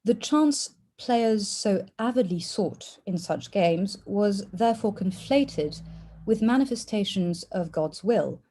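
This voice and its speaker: A woman presenting a formal academic paper at an online conference, in a measured way with an occasional "uh". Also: medium pitch, expressive, mellow, slightly rough. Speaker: conference speaker. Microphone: online conference call.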